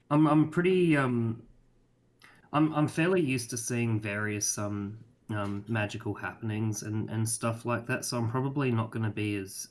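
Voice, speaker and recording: Hesitant man playing a tabletop game. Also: on the low side. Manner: hesitant, many ums and restarts. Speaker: player.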